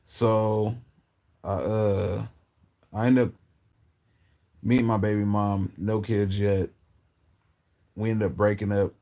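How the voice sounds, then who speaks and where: A man from Portland telling personal stories in a casual, rambling, halting way with slang. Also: fairly low pitch, flat delivery, mellow. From Portland, Oregon, US. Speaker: storyteller. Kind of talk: casual storytelling.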